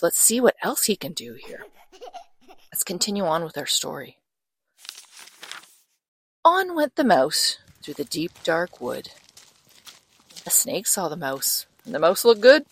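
Expressive woman reading a picture book. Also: low-pitched, measured pace, gravelly, pauses often, breathy edge, dry recording. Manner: expressive and sing-song. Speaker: storyteller.

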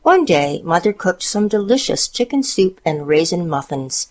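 A woman narrating a storybook in a calm, measured reading voice. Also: on the low side.

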